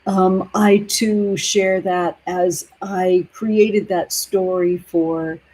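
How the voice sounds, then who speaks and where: A woman hosting a tarot livestream, chatting warmly with viewers from home, gentle and emotional, calling everyone honey and sweetheart. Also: fairly low pitch, fairly even intonation, very slow, slightly rough, rough recording. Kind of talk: casual livestream chat with viewers. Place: home near the ocean.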